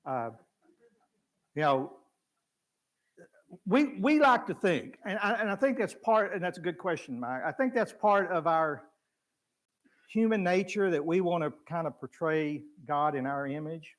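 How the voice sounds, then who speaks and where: Preacher teaching with acted voices. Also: male voice, fairly high pitch, measured pace, pauses often. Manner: acts out biblical voices with lively shifts, chuckles. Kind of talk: conversational Bible class teaching. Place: church.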